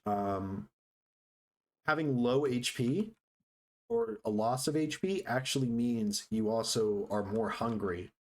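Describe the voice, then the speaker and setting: A man streaming himself playing a building game, chatting casually to viewers as he plays. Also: medium pitch. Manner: chatty, talks to chat while building. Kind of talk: casual live-stream gameplay commentary.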